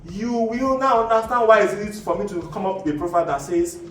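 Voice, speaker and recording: A man's voice: high voice, expressive, fast talker, a little hiss or hum. A man with a Nigerian accent, hosting and explaining in a casual, rambling monologue full of "you know" asides and restarts. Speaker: host. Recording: echoey room, mic at a distance, faint background ambience.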